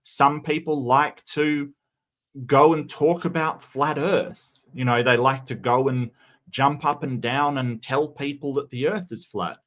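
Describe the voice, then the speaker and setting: A man's voice: mid-range voice, fairly even intonation, a bit bright. Stammering Australian man, casual commentary. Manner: halting, stammers and repeats words. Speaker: commentary host.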